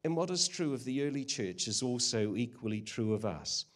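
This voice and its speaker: A man's voice: mid-range voice, animated, normal speed. An older man preaching a sermon, earnest and conversational with frequent hesitations. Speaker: guest preacher.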